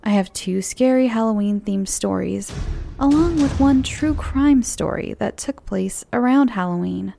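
Gravelly-voiced American woman hosting a horror podcast. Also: medium pitch, expressive, measured pace, a little hiss or hum. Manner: friendly, chatty and gently giggly. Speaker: podcast host and storyteller. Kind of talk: horror story podcast narration.

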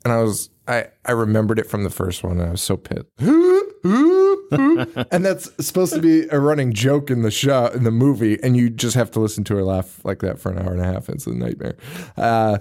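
A man's voice: on the low side, expressive, fast, vocal fry, a little mellow. A man casually recapping a movie on a podcast, joking, swearing and laughing often as he acts out lines. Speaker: podcast co-host.

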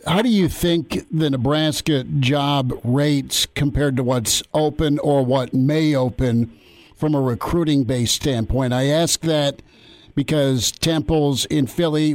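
A man's voice: mid-range voice, a little mellow. A man hosting a sports radio show, asking long, rambling questions and repeating words as he builds them.

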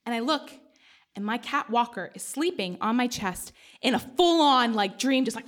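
A woman's voice: a little high, lively intonation, fairly quick. A woman telling a candid, self-mocking personal story live, with laughing asides.

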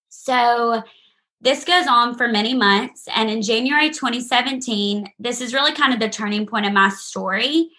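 A young woman tells her story to a gathered audience with earnest, heartfelt conviction. Her voice is bright and lifted, sitting a little high. She talks to listeners directly and personally, as if among friends. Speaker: speaker sharing her testimony.

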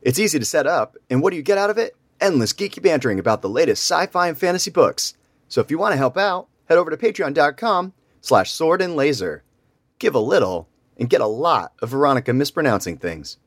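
A man's voice: on the high side, very animated, brisk, no echo. A man reading a short supporter promo for a podcast in an upbeat, teasing way. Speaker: listener reading a sponsor promo. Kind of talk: read promo.

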